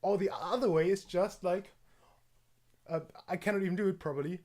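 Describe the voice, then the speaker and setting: A man's voice: high-pitched, brisk, a little mellow. A man streaming in a casual chat, rambling and hesitant with frequent restarts and fillers.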